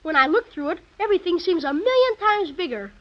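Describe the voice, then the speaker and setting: An actress playing a curious, excitable young boy in an old-fashioned radio play who exclaims period slang. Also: very high voice, fairly quick. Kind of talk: 1930s radio acting. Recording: dull old radio recording.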